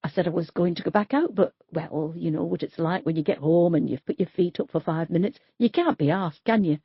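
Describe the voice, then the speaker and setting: A woman's voice: on the low side, brisk, breathy edge, no echo, highs cut off. A woman voicing a blunt, gossipy middle-aged street worker, in an audiobook. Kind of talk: audiobook character voice.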